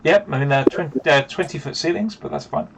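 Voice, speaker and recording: A man's voice: fairly high pitch, brisk, vocal fry, heavy background noise. A man acting as game master for an online tabletop game, narrating with playful asides. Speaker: dungeon master. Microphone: video call.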